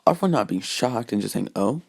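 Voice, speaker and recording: A man narrates a fan story in a casual, rambling way, full of fillers and restarts. His voice is low and gravelly. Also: animated, fast, a little mellow.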